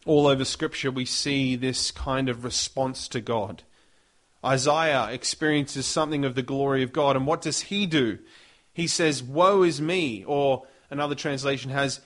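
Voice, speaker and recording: A man's voice: medium pitch, measured pace. A man preaching a sermon, reading scripture aloud with dramatic emphasis. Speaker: pastor.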